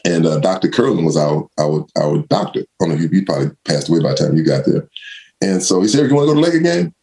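A man's voice: rumbling low, fast. An older man, a former pro football player, telling stories casually in an interview and acting out quotes in a raised voice. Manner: animated, acts out quotes in raised voice, laughs often. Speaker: former pro football running back, guest.

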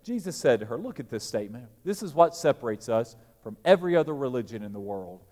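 A male pastor, preaching a sermon that swings from loud, emphatic peaks to quiet, low asides. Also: very animated, fast talker, big-room sound.

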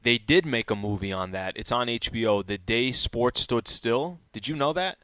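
A male co-host on a sports radio show teases his partner and stumbles over his words when he is put on the spot. His voice sits at an ordinary middle pitch, and the studio recording is dry. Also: expressive, normal speed, fairly bright tone, no echo. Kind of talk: casual sports radio banter.

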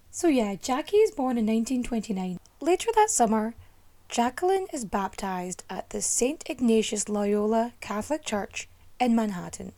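A young woman hosting a history podcast, telling the story in a chatty, playful way with quick jokes and asides. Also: on the high side, mellow.

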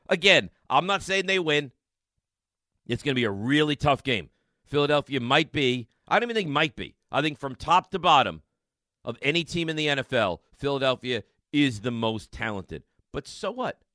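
A man hosting a sports radio show, talking in an emphatic, excitable monologue full of rhetorical questions and repeated lines. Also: a little high, no room sound, studio quality.

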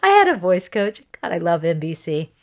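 Lively woman podcast host, slight Southern lilt. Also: lowish voice. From Southern California. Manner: lively, laughing, quick asides. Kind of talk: casual podcast chat.

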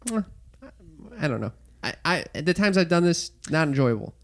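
A young man co-hosting a podcast, casual and excitable, who swears and stumbles over his words. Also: on the high side, normal speed. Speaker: podcast co-host. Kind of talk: casual chat.

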